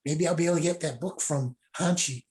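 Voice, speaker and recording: A man's voice: on the high side, a little fast, a little mellow. Rambling middle-aged man. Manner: rambling anecdotes with laughs and acted quotes. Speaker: guest judo sensei. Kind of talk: casual storytelling on a video call.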